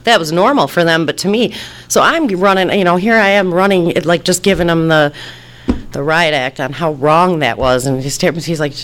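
A woman from Detroit, in the United States, casually recounts a story from her past, rambling, restarting sentences, and laughing often. Her voice is fairly low and a bit bright, at a normal speed.

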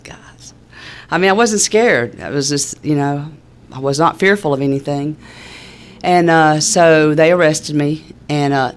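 Wry Southern woman telling stories. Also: sits low. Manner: wry, laid-back, humorous storyteller. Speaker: speaker sharing a recovery story. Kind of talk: casual personal storytelling.

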